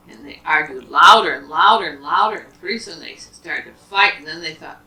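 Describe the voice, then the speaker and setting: Animated woman telling a story to a child. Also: low-pitched, fairly quick, few pauses. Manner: animated, asks the child questions. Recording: roomy, from a distance.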